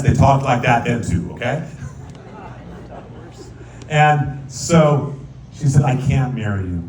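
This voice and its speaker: A rabbi telling a folk tale as a sermon, lively and playful, now and then singing verses in Hebrew. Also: male voice, mid-range voice. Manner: animated storyteller, sings Hebrew verses. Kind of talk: storytelling sermon. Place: synagogue sanctuary. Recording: echoey hall, distant mic, faint room noise.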